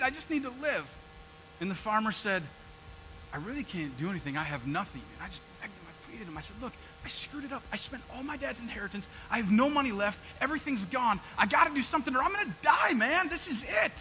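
Sermon monologue: a man as the young prodigal son, high, very bright voice, cocky then humbled, with a faint hum behind. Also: full character voice, rough recording. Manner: animated storytelling, swings between loud and hushed. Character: brash, repentant young prodigal son, male. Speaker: preacher in character. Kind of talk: first-person narrative sermon monologue.

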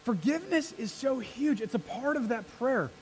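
A man preaching a sermon as pastor, energetic and rallying his congregation to answer back. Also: extremely high pitch, moderate pace, low-quality recording. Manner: energetic, rallies the congregation with call-and-response. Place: church sanctuary.

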